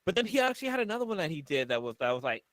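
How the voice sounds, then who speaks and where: A man's voice: a little high, sing-song, rapid-fire, a bit bright, no room sound. A man co-hosting a casual livestream chat, hesitant and full of fillers as he searches for words. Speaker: podcast co-host.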